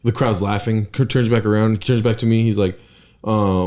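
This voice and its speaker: A man, a podcast co-host and stand-up comic, telling a story in casual chat, animated and swearing, with fillers and trailing sentences. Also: lowish voice, normal speed.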